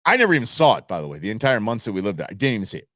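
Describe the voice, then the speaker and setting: Host, middle-aged man from Southern California; bouncy, expressive delivery, casual storytelling. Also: on the low side, racing, no echo, studio quality. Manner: animated, exclamatory storyteller. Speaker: show host.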